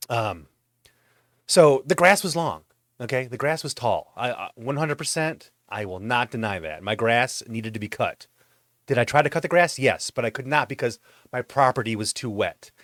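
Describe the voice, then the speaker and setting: A man rants in a comedic monologue, swearing freely and sounding exasperated as his voice jumps around for effect. His voice sits at an ordinary middle pitch. It is recorded close and dry, with no room echo. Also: moderate pace. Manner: profane ranting; exasperated, animated storytelling. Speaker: vlog host. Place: home.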